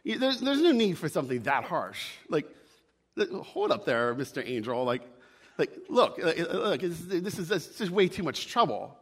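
A man's voice: fairly high pitch, very animated, moderate pace, husky, voice pushed up. A man voicing a panicky male ghost who pleads and stammers in a story told during a sermon. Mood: panicky pleading. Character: panicky male ghost clinging to his sin.

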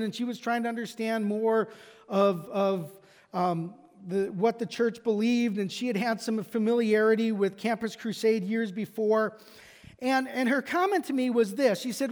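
A man's voice: very high voice, darkish tone. A man preaching a sermon as pastor, emphatic and driving home his points with repeated rhetorical questions. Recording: long reverb of a large hall.

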